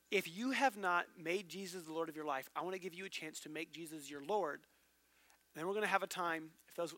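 A male pastor delivering a sermon with a high, bright, forceful voice. He tells stories animatedly and acts out the people he quotes. The sound is close and dry. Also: no room sound.

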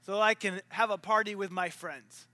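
A man's voice: sits high, fairly even intonation, normal speed, pushed and bright, no room sound. A man voicing an indignant, resentful older brother complaining to his father.

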